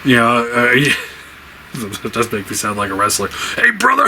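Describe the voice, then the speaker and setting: A man's voice: on the low side, fairly even intonation, measured pace, background noise. A man giving a casual spoken review, rambling with many fillers, laughing often, sounding exasperated.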